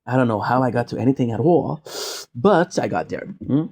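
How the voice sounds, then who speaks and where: This man from Quebec streams a casual, joke-filled monologue, rambling and detouring onto tangents. He talks briskly and animatedly in a medium-pitched voice that is a little mellow, with a breathy edge.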